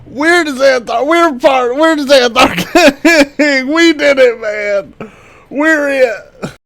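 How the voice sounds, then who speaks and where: A man plays a young gang thug caught and scared out of his wits, his high voice breaking into gravelly wails and pleas. He whimpers, begs and cries out rather than speaking plainly. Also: takes it slowly, full character voice. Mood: pleading. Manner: whimpering, pleading, yelling in panic. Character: panicky captured male gang thug, young adult.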